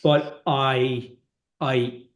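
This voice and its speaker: Guy chatting as a podcast guest, mid pitch, keeps restarting and tacking on right?. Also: little pitch movement, drawn-out words. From Ireland. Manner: rambling, with frequent restarts and "right?" tags. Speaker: guest, whiskey company founder. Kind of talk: casual interview conversation.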